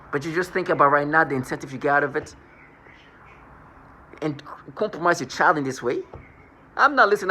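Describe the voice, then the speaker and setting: A man's voice: a little high, sharp tone, slight background noise. A man rambling through a scornful personal monologue, restarting and repeating words as he goes. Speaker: vlogger.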